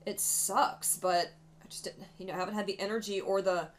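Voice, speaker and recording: A woman's voice: medium pitch, steady tone, brisk, a little hiss or hum. A young adult woman, talking casually and candidly while doing her makeup, swearing freely as she tells a story. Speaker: beauty vlogger. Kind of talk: chatty get-ready-with-me storytelling.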